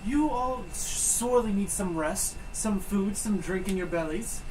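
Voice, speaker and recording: A woman's voice: medium pitch, a little slow, darkish tone, slight background noise, low-quality recording. A woman playing a character in a tabletop game, with courtly in-character phrasing. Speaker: player.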